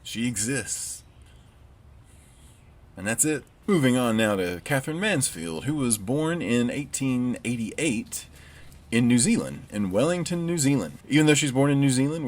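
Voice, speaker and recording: A man with a Southern US accent giving a recorded literature lecture, conversational with wry asides. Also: medium pitch. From United States.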